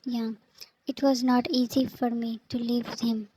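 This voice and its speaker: A frightened, tearful young girlfriend from a fanfic story, read out by a woman. Her lines come slow and level, in a fairly high voice with little melody. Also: flat delivery, warm tone, slight background noise, close to an everyday voice, low-quality recording. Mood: pleading. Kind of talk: scripted fanfic reading.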